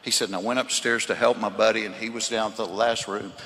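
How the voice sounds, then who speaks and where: A man's voice: on the low side, steady tone, fast talker. Folksy Southern man telling stories in a hall. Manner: folksy storytelling, turning earnest and hushed. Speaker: comedian and speaker. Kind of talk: storytelling faith talk to a live audience. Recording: reverberant hall with faint noise.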